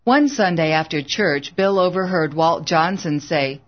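A woman narrating an audiobook in a measured, earnest way, in a slightly dull lo-fi recording. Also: deep voice.

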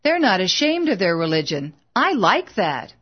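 A woman reading the part of an earnest, humble young preacher, speaking softly and pleadingly in a storybook. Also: mid-range voice, very animated, normal speed, breathy edge, muffled recording.

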